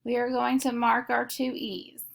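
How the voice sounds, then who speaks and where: A woman teaching a phonics lesson, explaining each step slowly and methodically. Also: on the high side, level tone, creaky. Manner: slow, deliberate, methodical explanation.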